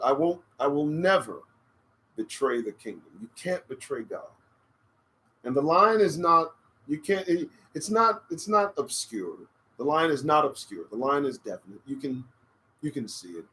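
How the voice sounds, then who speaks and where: Brief: male live-stream host, somewhat high voice, swings his pitch widely, swears and preaches, rambles with emphasis, desk condenser mic. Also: rough recording. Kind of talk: casual live-stream monologue. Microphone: desk condenser microphone.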